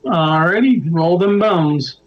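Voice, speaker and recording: A man running a tabletop game as storyteller, narrating slowly with pauses and fillers. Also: sits high, animated, muffled recording. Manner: slow, halting narration with fillers.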